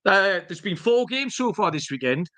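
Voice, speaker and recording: A man's voice: high-pitched, big pitch swings, normal speed, pushed and bright. A man co-hosting a podcast, telling jokey, rambling stories with the odd swear word. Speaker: podcast co-host. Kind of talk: casual chat.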